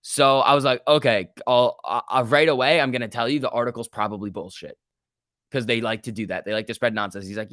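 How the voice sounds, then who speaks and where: A young man hosting a live stock market stream, talking casually and excitably, swearing freely and reading chat aloud. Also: mid-range voice, quick pace, no echo, studio quality. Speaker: stock market livestream host.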